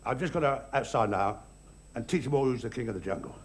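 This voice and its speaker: A man voicing a bad-tempered, bullying male lion who calls himself king of the jungle, with a gruff, boastful voice. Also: medium pitch, animated, fast, a little hiss or hum, pitched below the performer's own voice, close to an everyday voice. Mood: grumbling. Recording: live stage, loud audience.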